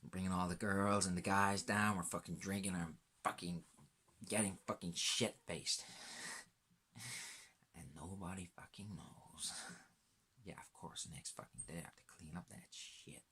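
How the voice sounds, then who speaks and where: A man's voice: low-pitched, fairly even intonation, measured pace, pushed and bright, slightly rough. A man in a rambling, profanity-laden monologue as a laid-back self-described stoner, sometimes dropping into a whisper.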